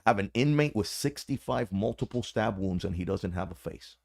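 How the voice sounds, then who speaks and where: Man, low voice, gravelly fry, former corrections officer, casual profane storytelling. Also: normal speed. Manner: profane, slangy, animated.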